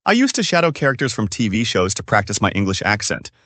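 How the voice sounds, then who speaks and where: Lively, upbeat man co-hosting a podcast. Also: on the low side, fast, no echo. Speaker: podcast co-host. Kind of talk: scripted English-learning podcast dialogue.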